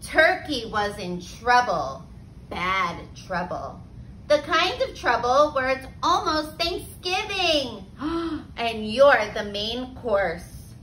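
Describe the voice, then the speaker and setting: Woman teacher, high bright voice, unhurried children's read-aloud. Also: a little hiss or hum, rough recording. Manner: expressive, slow, with gasps and laughs for children.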